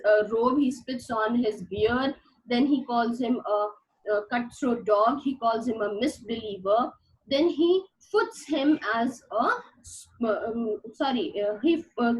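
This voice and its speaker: A woman with a high voice teaches a classic play, walking her students through each line. She paraphrases patiently and fills her pauses with "uh" and "you know". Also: poor audio. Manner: paraphrases slowly with many fillers. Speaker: literature teacher.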